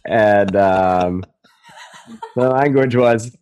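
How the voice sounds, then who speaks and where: A man's voice: fairly low pitch, extremely slow, dull audio, crowd noise. A man co-hosting a podcast, making dry, wry remarks in casual chat. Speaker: podcast co-host.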